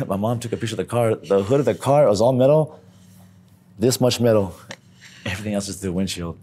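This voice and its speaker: A young man telling profane, animated stories in street slang during an interview. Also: on the low side, a little fast. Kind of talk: casual storytelling.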